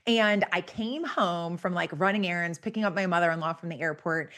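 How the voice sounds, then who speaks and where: A woman's voice: on the low side, a little fast, a bit bright. A woman podcast host telling a personal story in a chatty, rambling way, full of filler words.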